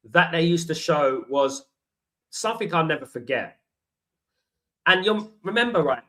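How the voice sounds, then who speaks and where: A London man in his forties hosts a football fan watchalong stream, rambling through stories in a loose, chatty way and calling his viewers "guys" and "mate." His voice is bright and slightly high. The recording is low quality.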